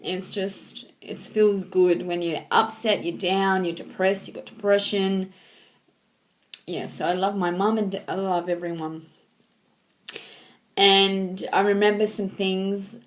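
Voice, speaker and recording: A woman in her thirties speaks to her viewers at an unhurried, slow pace. Her talk is halting and sentimental, full of ums and restarts, in a medium-pitched voice. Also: steady tone, a little hiss or hum. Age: 30s. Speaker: vlogger. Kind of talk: casual heartfelt talk to camera.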